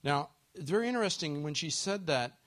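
A man's voice: on the high side, expressive, a little fast, a bit bright. Earnest male preacher questioning his listeners. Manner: earnest, asks listeners questions, acts out quoted voices. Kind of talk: sermon.

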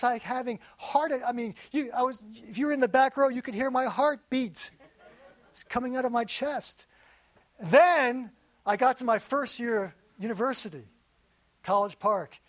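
A middle-aged pastor with a fairly high voice for a man delivers a sermon. He talks to the congregation conversationally and sinks softer and lower on the lines he wants to land. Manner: conversational preaching, drops to soft emphasis on key lines.

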